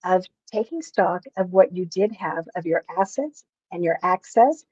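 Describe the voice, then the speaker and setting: A woman's voice: fairly low pitch, animated, measured pace, darkish tone, husky, dry recording. A woman hosts a podcast interview and speaks in an earnest way as she praises her guest. She comes through a video call with dull, lo-fi sound and a dry, close feel. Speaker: podcast host. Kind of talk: interview hosting.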